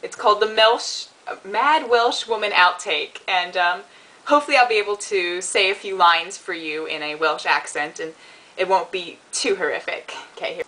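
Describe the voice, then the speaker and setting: A woman's voice: fairly low pitch, moderate pace, pushed and bright, low-quality recording. A woman with a Mid-Atlantic American accent, chatting to camera in a giggly, self-deprecating way. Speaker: vlogger. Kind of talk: casual chat to camera.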